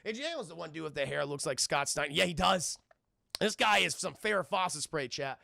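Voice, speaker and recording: A man's voice: fairly high pitch, lively intonation, fairly quick, creaky, bright, forceful tone, dry recording, studio quality. A young man streaming a casual, profane, rambling film recap who keeps talking to his chat. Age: young adult.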